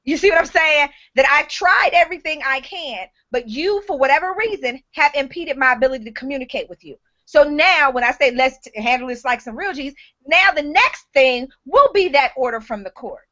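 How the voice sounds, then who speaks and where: A woman's voice: high voice, animated, fairly quick, sharp tone, muffled recording. A woman hosting a live online talk show, giving blunt, frank advice with casual swearing.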